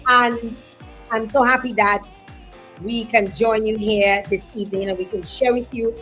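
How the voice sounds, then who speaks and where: A woman with a Dominican accent, in her thirties, hosting a live online show in an animated, chatty way and greeting viewers. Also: fairly high pitch, a little slow, faint music behind. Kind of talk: lively live-stream chat.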